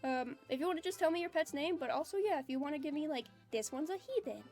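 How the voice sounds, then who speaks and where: A high-pitched woman chats on a livestream and giggles often. She reads viewers' messages aloud. She calls herself low-energy, and soft music plays behind her. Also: rapid-fire. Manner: self-described low-energy and introverted. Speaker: streamer chatting with live chat. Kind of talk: casual livestream chat.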